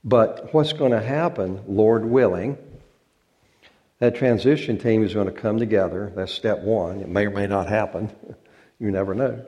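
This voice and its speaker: In a church sanctuary, a male pastor gives an informal, folksy talk to the congregation, cracking jokes and stretching out words for effect. His voice is lowish and mellow at a normal speed, and the audio sounds dull.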